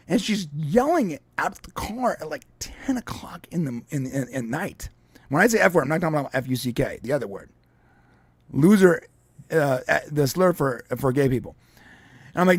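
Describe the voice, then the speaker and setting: A man with a fairly high voice chats on a podcast, retelling moments with lively energy and repeated false starts. The sound is dry and close, with no room around it. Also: brisk, dry recording. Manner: animated storytelling, lots of restarts. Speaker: podcast co-host. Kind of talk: casual chat.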